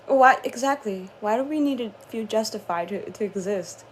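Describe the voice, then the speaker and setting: A young woman talking casually to her viewers, drifting between soft dreamy musing and laughing, swearing frustration. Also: on the high side, slight background noise. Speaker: spiritual channeler vlogger.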